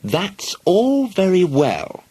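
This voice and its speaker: A man voicing a brisk, bossy mother who scolds her daughter sharply and sarcastically. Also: high-pitched, wildly swooping pitch, warm tone, slightly rough, voice pushed up, exaggerated voice. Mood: brisk, scolding.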